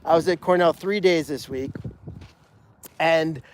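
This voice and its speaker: High-voiced man rambling casually. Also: a little slow, slight background noise. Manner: rambling, frequent restarts and "you know" fillers. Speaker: animal sanctuary owner hosting a live stream. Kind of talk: casual rambling live-stream chat.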